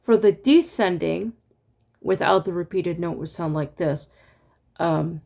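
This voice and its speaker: Slow-talking woman teaching solfege. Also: fairly low pitch, gravelly, loud music behind the voice. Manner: sings solfege syllables slowly, chatty with laughs and fillers. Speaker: music teacher. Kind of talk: casual online music lesson.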